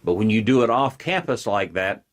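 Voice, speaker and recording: A man's voice: on the low side, expressive, moderate pace. A man hosting his own show, giving a blunt, combative political commentary monologue. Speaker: host.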